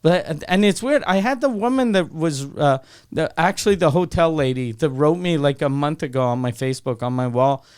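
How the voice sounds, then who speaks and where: Smooth-voiced man spinning a wild story. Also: a little high, normal speed. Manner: animated storyteller who acts out every line of dialogue; swears freely. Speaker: comedian and podcast host. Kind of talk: casual podcast chat.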